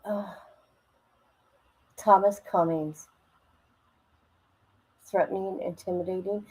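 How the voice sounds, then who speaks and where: Reaction streamer, female, mid pitch, sarcastic and blunt, swears freely. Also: measured pace, pauses often, low-quality recording. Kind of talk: reaction commentary over a video.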